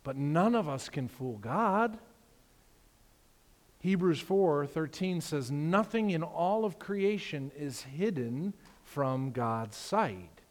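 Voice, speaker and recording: Male pastor, slightly high voice, lively storyteller, long hall reverb. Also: takes it slowly. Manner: animated storytelling, acts out characters. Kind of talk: sermon.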